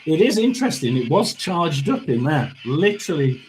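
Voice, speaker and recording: A man hosting a casual tarot and spirit box reading. He chats and mutters asides, often clearing his throat. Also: a little high, big pitch swings, normal speed, a little mellow, slight background noise.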